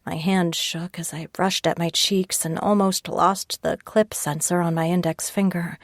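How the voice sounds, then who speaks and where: A woman reading a first-person audiobook in a calm, measured way on a close mic. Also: on the low side, no room sound. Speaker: audiobook narrator. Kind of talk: scripted first-person narration.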